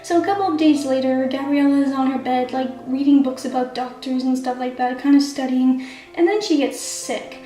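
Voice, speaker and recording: A woman's voice: sits high, moderate pace, warm tone. A woman casually recapping the plot of a story she wrote, in a chatty way with lots of "like" and "kinda". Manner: chatty, constant "like" and "kinda" fillers. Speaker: amateur writer summarizing her own story. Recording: echoey room with faint background music.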